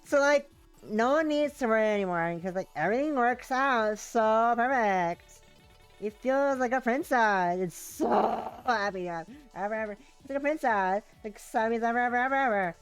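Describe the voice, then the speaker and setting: A woman's voice: fairly high pitch, expressive, moderate pace, smooth, faint music behind. A woman reading a game's text as a giddy, clingy, obsessive girl, rambling with lots of "like". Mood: giddy dreamy. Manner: breathless valley-girl rambling, full of "like".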